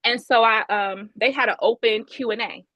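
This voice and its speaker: A woman's voice: fairly high pitch, fairly even intonation, moderate pace, sharp tone, dry recording, highs cut off. A woman from Ohio giving an earnest, emphatic personal testimony as a guest speaker at an online event, over a video call. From Ohio, USA. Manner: earnest, emphatic storytelling with many restarts.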